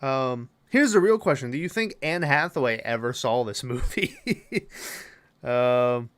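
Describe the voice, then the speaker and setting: Male podcast host, casual rambling recap, animated pitch, many ums and restarts. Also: unhurried, smooth. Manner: rambling, full of fillers and restarts.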